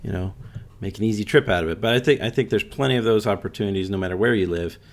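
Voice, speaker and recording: A man co-hosting a casual podcast, talking in halting restarts with many fillers. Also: fairly low pitch. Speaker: podcast co-host. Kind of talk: casual chat.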